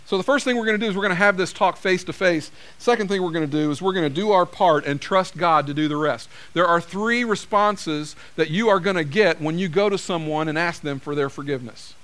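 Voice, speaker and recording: A man's voice: high-pitched, a little fast, hardly any pauses, a bit bright. A man preaching a sermon, conversational and direct, acting out the lines people say to each other. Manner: conversational preaching, acts out quoted dialogue. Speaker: pastor.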